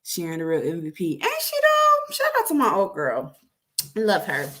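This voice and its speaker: A woman's voice: low-pitched, big pitch swings, normal speed, a bit bright. A woman hosting a casual solo podcast, chatty and talking straight to her listeners with frequent laughs. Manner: chatty, laughs often, addresses listeners directly. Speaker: podcast host.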